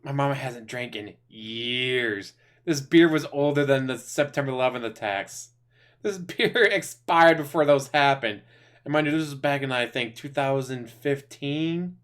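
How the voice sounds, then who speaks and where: Male streamer, mid-pitched and bright, giving loose, mocking reaction talk with plenty of swearing. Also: a little slow. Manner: mocking, laughing, swearing freely. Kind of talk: casual reaction commentary.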